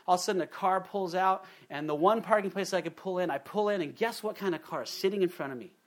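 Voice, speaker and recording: A male pastor with a fairly high voice shares a personal story from the pulpit. He brings it to life by acting out the people he quotes, so his delivery keeps shifting between plain telling and little performed voices. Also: a bit bright. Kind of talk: sermon storytelling.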